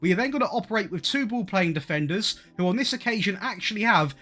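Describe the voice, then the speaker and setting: A man's voice: high-pitched, expressive, fast talker, pushed and bright, soft background music. A man with an upbeat, chatty manner, giving video game tactics commentary as a YouTuber. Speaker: gaming YouTuber.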